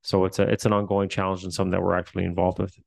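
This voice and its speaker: Gravelly Newfoundland man, low and flat. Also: rapid-fire, no echo. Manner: hesitant, many fillers and restarts. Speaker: facilities administrator. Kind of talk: answering questions at a meeting.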